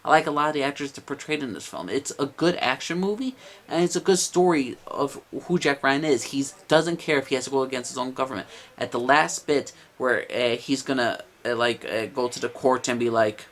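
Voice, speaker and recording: A man's voice: medium pitch, fairly quick, fairly bright tone. Rambling, enthusiastic male movie reviewer. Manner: enthusiastic, rambling with many fillers.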